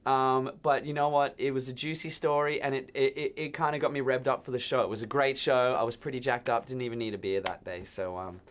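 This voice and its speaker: Aussie guy telling a crazy story, mid pitch, jumps into voices for the other people, trips over his words. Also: brisk, few pauses. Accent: Australian. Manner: animated storytelling, acts out quoted voices, stumbles and repeats words. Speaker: band member guest programmer. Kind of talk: casual anecdote telling.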